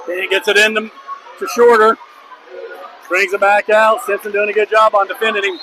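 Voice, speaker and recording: A man with a very high voice calls basketball play-by-play from a gym, loudly rooting for the home side. A noisy crowd and constant gym racket fill the background. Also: normal speed. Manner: excitable, openly biased toward the home team, shouts on big plays. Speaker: play-by-play commentator. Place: school gymnasium at a basketball game. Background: crowd noise.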